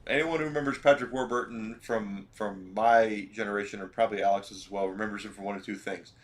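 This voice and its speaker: A man's voice: on the low side, steady tone, fast talker, a little hiss or hum. A man streaming a video game, chatting casually and rambling as he plays. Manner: rambling, self-correcting, chatty. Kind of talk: casual gameplay commentary.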